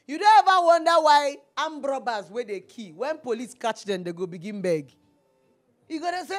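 A Nigerian woman hosting a TV call-in advice show, animated and preachy, slipping into Pidgin. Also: sits high, normal speed. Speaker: talk show host. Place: TV studio.

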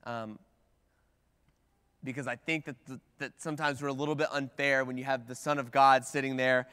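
A man's voice: medium pitch, flat delivery, moderate pace, pushed and bright, smooth. A man preaching a sermon from the pulpit in a conversational way, with frequent "like"s and restarts. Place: church sanctuary at the pulpit. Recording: long reverb of a church hall.

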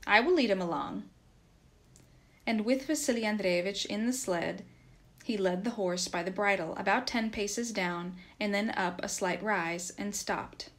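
A woman narrating a classic story as an audiobook, in a mid-pitched voice. Her reading is steady and measured. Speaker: reader.

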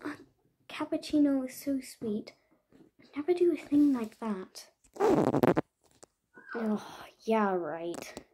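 A woman's voice: on the high side, animated, slow pace, pauses often, very noisy. A woman playing out a murder mystery with toy horses, switching between chatty, whispered and accusing voices for each character. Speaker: toy horse role-play creator.

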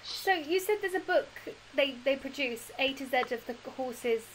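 A woman's voice: high voice, animated, moderate pace, slight background noise, rough recording. A woman hosting an interview over a video call, asking curious, encouraging questions. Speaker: interview host. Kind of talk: casual interview.

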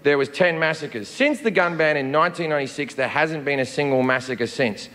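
A man's voice: a little high, brisk. An Australian man performing a stand-up comedy set, sardonic and profane, with punchy delivery. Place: large theater stage, played on a reaction video. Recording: echoey hall with loud noise.

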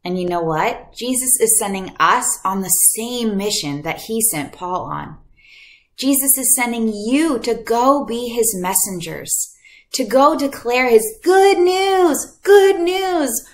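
A woman leading a children's Bible lesson, talking animatedly and acting out voices for the kids. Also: fairly high pitch. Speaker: children's ministry teacher. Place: church video lesson.

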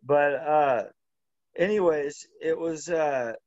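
A man telling a long, rambling story as an interview guest, halting and full of restarts. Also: fairly high pitch, a little mellow, no room sound, dull audio. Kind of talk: casual storytelling.

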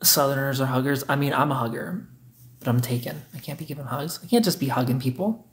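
A man's voice: medium pitch, quick pace, creaky. Joking man on a livestream. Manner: joking, teasing, reads comments aloud. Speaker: livestream host reading chat. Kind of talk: casual livestream chat.

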